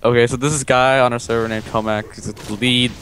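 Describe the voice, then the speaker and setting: A man's voice: mid-range voice, flat delivery, a little fast, fairly bright tone, a little hiss or hum, poor audio. Young male gamer, playful and teasing, easygoing mid-range voice. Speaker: gaming partner. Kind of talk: casual gaming commentary.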